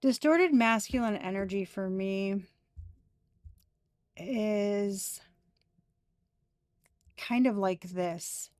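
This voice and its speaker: A woman in her thirties doing a casual tarot reading, talking slowly with many fillers and dry, sarcastic asides. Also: medium pitch, darkish tone, dry recording. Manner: slow, drawling, full of fillers, sarcastic asides. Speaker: tarot reader.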